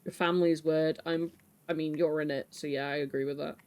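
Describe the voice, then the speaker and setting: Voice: medium pitch, level tone, fairly quick, a little mellow. A streamer chatting casually with viewers from home, teasing, swearing and laughing often. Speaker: live streamer. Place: home, with a pet rabbit.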